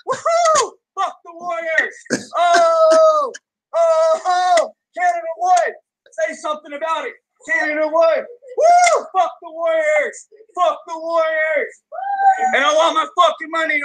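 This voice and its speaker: A woman's voice: high voice, level tone, moderate pace, a bit bright, rough recording. A woman sports fan in a comedy sketch, swearing and screaming as she talks. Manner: screaming, cursing, jubilant.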